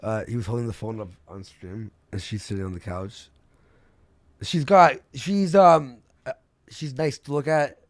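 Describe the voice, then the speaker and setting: Gravelly young man rambling through gossip. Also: medium pitch, a little slow, dry recording, studio quality. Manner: rambling gossip storyteller, swearing, laughing. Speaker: streamer host. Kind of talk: casual livestream chat.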